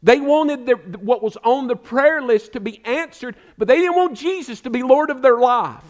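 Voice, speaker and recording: Emphatic older pastor preaching. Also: male voice, extremely high pitch, moderate pace. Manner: emphatic, exhorting, repeats "friend, listen". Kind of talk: sermon.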